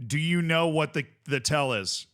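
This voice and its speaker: A man streaming a football management game, chatting casually and reacting loudly to the play. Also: on the high side, normal speed. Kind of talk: casual gameplay commentary.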